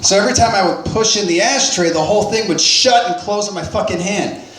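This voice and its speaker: A man's voice: high-pitched, a little fast, a bit bright, echoey room, low-quality recording. A man telling a personal story in a casual, profane, self-deprecating way, with lots of restarts.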